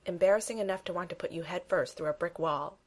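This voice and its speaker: A woman reading the part of a weary, deadpan male scientist. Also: lowish voice, quick pace, natural voice. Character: dry, weary scientist man with a temper.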